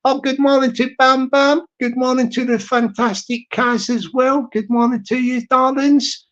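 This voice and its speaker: A man's voice: extremely high pitch, flat delivery, moderate pace, fairly bright tone, muffled recording. A young man hosting a live stream, telling a rambling comic story with lots of restarts and asides.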